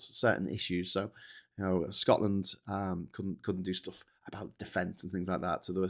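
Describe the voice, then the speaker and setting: A man's voice: medium pitch, fairly bright tone. A man hosting a livestream of political commentary, rambling and sweary, with sarcastic asides. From England.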